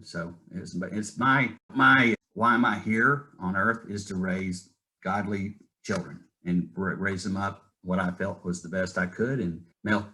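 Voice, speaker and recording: A man's voice: low-pitched, sharp tone, rough recording. A middle-aged man, a real estate investor, telling his story in an interview with earnest, candid energy.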